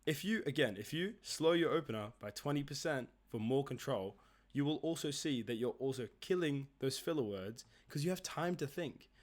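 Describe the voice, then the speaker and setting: A man teaching a relaxed, conversational lesson on making sales calls. His pitch sits in the middle range. He explains points in a loose, chatty way and often ends them with a quick "right?" or "okay?". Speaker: sales coach.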